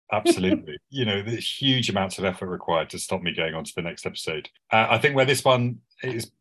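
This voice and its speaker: A man's voice: deep voice, fairly bright tone. A man co-hosting a casual TV podcast, talking enthusiastically and rambling with restarts. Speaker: podcast co-host. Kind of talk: casual chat.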